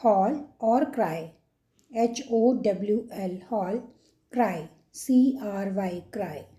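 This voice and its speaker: Slow, mellow-voiced woman teaching kids. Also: mid-range voice. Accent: Indian English. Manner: spells each word letter by letter, slow and deliberate. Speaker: kids' channel host. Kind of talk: slow spelling lesson for children.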